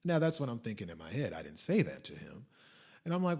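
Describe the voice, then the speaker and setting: A man hosting a podcast, telling a story as a profane rant that swings from muttering asides to shouting. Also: on the low side, sing-song, fast talker, gravelly, husky. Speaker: podcast host. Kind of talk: ranting monologue.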